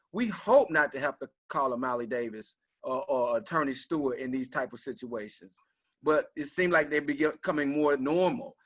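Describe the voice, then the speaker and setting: A man's voice: mid-range voice, fairly bright tone. A man speaking on a discussion panel as a father, telling a personal story in an earnest, conversational way.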